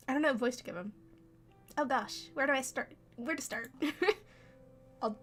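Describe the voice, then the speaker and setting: A woman's voice: sits high, moderate pace, pauses often, a bit bright, soft background music. A woman chatting casually as she plays through a story game. She giggles often and pokes fun at herself. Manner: giggly, self-mocking. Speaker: streamer. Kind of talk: casual gameplay commentary.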